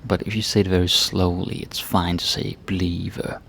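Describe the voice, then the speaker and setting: A man teaching a casual grammar lesson, relaxed and checking in with "right?" and "eh?" as he explains. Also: sits low, a little fast, vocal fry, slight background noise. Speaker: language teacher.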